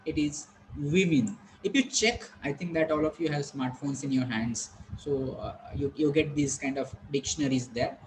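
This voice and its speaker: A male teacher giving a classroom pronunciation lesson, patiently repeating words slowly and quizzing the class. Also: medium pitch, slight background noise, rough recording. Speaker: English teacher.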